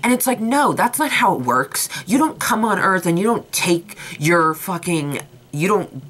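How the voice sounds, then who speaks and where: A woman's voice: on the low side, expressive, a little slow, a bit bright. A young woman reviewing a TV episode in a vlog, ranting in an impassioned, exasperated way. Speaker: TV show reviewer.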